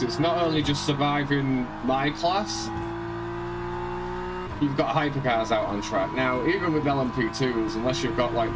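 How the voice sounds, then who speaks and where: A man casually live-streaming a sim race. He chats and rambles, greets viewers by name and thinks out loud about his car setup. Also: mid-range voice. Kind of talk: casual live-stream chat while racing. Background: loud music.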